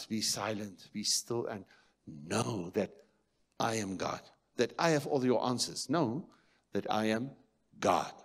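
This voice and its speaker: A man preaching a sermon in a church, moving between loud declarations and quiet murmurs. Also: medium pitch. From South Africa. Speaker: pastor.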